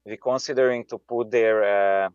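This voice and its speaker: Low-voiced man, halting English. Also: fairly even intonation, a little mellow, clear, resonant tone, no room sound, highs cut off. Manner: halting, many filler sounds, searches for English words. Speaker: company CEO. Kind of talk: casual video-call interview.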